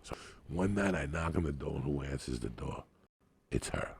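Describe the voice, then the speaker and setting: A comedian telling a raunchy, rambling story full of profanity and graphic detail. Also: male voice, a bass voice, normal speed, vocal fry, slightly rough.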